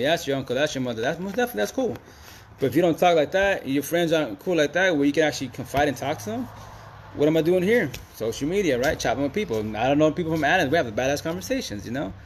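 A man's voice: on the high side, a little mellow, a little hiss or hum. A man talking straight to camera in a casual, slangy monologue, full of emphatic repeats and street talk. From Seattle, USA. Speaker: Facebook Live vlogger.

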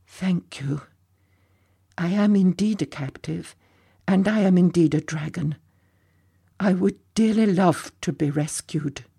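A man voicing a weak, gentle female dragon with a crackly, husky but sweet voice, speaking quietly and politely. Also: high voice, slow, pitched above the performer's own voice, heavily acted. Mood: quiet, grateful.

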